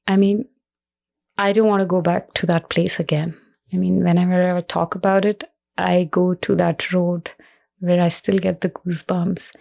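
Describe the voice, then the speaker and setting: Flat, gravelly woman telling her story. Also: fairly low pitch. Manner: earnest, reflective, speaks in halting phrases. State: emotional, voice cracking at times. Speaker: guest, cancer survivor. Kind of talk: personal interview talk.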